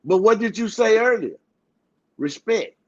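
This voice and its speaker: A man's voice: high voice, animated, a little slow, darkish tone. A man with a Houston accent, a podcast co-host in casual chat, loose and joking as he acts out heated lines. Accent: Southern US, Houston. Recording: dull lo-fi sound.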